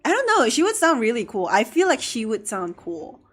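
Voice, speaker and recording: A young woman streamer chatting casually while gaming, chatty and excitable, filling her talk with "like" and "I don't know". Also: fairly high pitch, normal speed, slightly rough, faint music behind.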